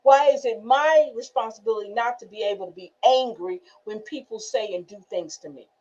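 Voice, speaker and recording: A woman host reads aloud and then talks it over with listeners, earnest and emphatic, and her voice jumps to high exclamations. Her tone is mellow and a little high. The sound is dull and lo-fi. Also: fairly quick. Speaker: host reading a workbook aloud. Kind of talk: reading aloud and live discussion.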